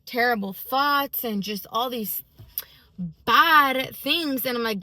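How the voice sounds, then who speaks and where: A woman's voice: on the high side, measured pace, pushed and bright, no echo. A woman giving a casual, emphatic personal faith testimony, full of fillers as she talks. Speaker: faith vlogger.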